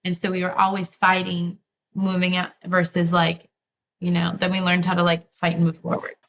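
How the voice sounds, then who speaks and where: A woman's voice: on the low side, monotone, moderate pace, fairly bright tone, slight background noise. A woman guest on a podcast, talking candidly and reflectively about her relationship, with frequent "like" fillers.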